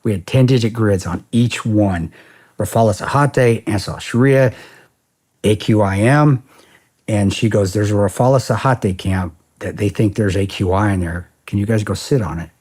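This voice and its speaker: A man in his forties, a podcast guest, telling a story in a casual interview in a blunt, profane, animated way with lots of quoted dialogue. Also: fairly low pitch, normal speed, slightly rough. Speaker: podcast guest, former security contractor.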